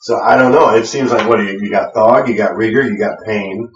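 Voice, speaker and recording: A man's voice: lowish voice, brisk, a little hiss or hum. A man co-hosting a web wrestling show, chatting casually with lots of fillers and restarts. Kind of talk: casual chat with hesitant fillers. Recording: echoey room, distant lo-fi mic.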